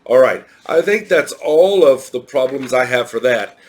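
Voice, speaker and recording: Slow, patient man teaching. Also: mid-range voice, animated. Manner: slow, patient explaining with repeated examples. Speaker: English teacher. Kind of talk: recorded lesson for children.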